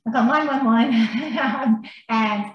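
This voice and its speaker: A woman on a podcast telling a story in an animated, blunt manner and swearing freely. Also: a little high, very slow, highs cut off. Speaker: podcast guest. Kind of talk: casual storytelling. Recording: very echoey room, faint noise.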